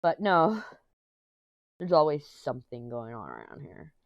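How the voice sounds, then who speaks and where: A woman's voice: low-pitched, huge pitch swings, measured pace, creaky, no room sound, highs cut off. A woman vlogging from her home office, talking in a rambling, chatty way while getting over an illness that has left her throat sore. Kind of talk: casual chat.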